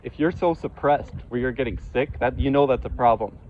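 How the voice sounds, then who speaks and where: A man's voice: mid-range voice, a little fast, slight background noise. Angry ranting man, lo-fi sound. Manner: ranting, heated and profane; repetitive, stumbling restarts. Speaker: vlogger. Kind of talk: angry monologue to camera.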